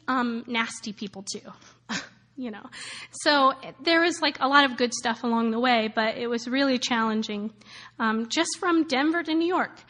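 Woman in her 30s telling her story, high voice, chatty and animated, lots of likes and ums. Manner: animated, many fillers and laughs, acts out quoted voices. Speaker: speaker sharing a personal testimony. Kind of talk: casual storytelling testimony.

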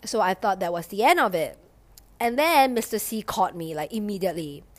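A young woman telling a story casually, animated, swearing a lot and using lots of "like". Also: medium pitch, a little fast.

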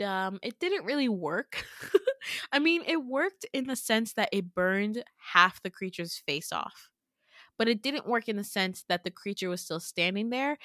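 A young woman podcast host retelling a dream, casual and animated, swearing freely. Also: medium pitch, no room sound, studio quality.

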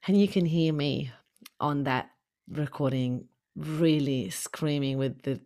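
Low-voiced impassioned woman coach. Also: takes it slowly, warm tone. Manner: impassioned, repetitive. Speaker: business coach. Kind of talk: motivational podcast talk.

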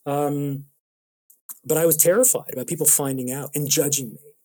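Mellow-voiced man, rambling storyteller. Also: fairly high pitch, moderate pace. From Toronto, Canada. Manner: animated storyteller, rambling restarts. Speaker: improv comedian and show producer. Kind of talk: casual interview talk.

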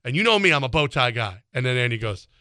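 A man co-hosting a sports radio show, telling rambling stories and reading ads with excitable energy. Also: mid-range voice, fast, no echo, studio quality. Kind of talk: sports talk and live-read ad.

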